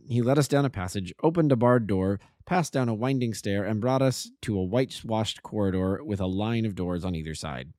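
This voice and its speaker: A low-voiced man reads a classic detective story aloud as an amateur narrator. His delivery is measured yet lively in pitch, recorded close and dry with no room sound. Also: no echo.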